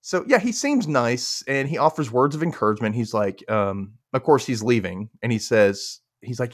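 Man, podcast host, young, from Mississippi, casual recap, acts out characters, very expressive pitch, dry close mic. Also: normal speed, few pauses, no echo. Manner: animated, laughs often, acts out characters.

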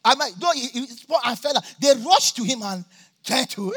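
A man preaching a sermon at a church campmeeting, jovial and laughing often, now and then bursting into shouts. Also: extremely high pitch, expressive, moderate pace, slightly rough. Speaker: pastor.

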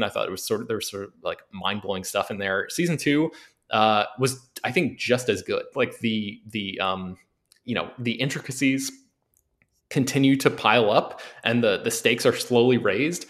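A man's voice: on the low side, fairly bright tone. A man from the United States chatting casually as a podcast co-host, rambling and hesitant, often restarting his sentences. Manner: rambling, hesitant, trails through many restarts.

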